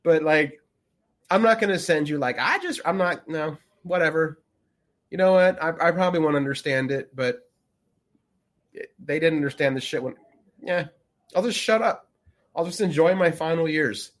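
A man's voice: a little high, moderate pace, long pauses, fairly bright tone. A man co-hosting a podcast in casual chat, rambling with lots of fillers and acting out quotes as he goes. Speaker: podcast co-host.

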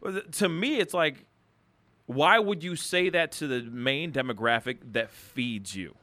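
A man hosting a podcast, talking in an animated, emphatic way in casual chat. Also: on the high side, a little slow. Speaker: podcast host.

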